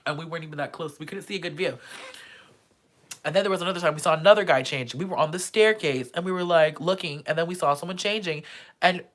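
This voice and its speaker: A young woman vlogging a casual storytime monologue, animated and dramatic, crude and joking. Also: lowish voice, fast.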